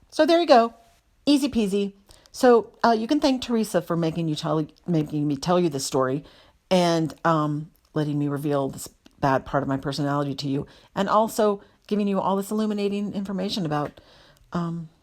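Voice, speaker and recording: A woman's voice: fairly low pitch, fairly quick. A woman telling a casual story with exasperated, self-mocking energy, her voice jumping up and down as she vents. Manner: animated, exasperated, self-deprecating.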